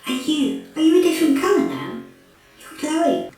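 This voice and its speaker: A man voicing a giggly, clumsy female robot sweetheart in a falsetto for an audiobook. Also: huge pitch swings, normal speed, creaky, exaggerated voice. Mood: chirpy. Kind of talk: audiobook character voice. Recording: echoey room, voice from afar, music behind.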